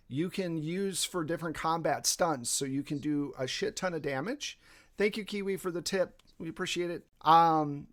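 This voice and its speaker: A game master running a tabletop game, rambling with fillers and laughing often. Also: medium pitch.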